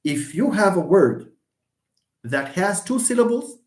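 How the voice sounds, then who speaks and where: An English teacher talks through a live online lecture at a middle pitch, patient and chatty. The voice draws words out slowly and breaks into easy laughs. The sound is roomy, with the echo of a bare space around it. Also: sing-song, a little mellow. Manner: laughs often and answers students by name.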